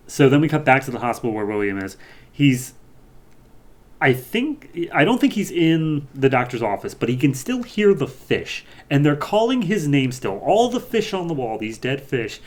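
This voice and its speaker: A man as podcast host, casually recapping a comic book in an animated way, acting out the characters. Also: medium pitch, normal speed. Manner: animated retelling, acts out voices.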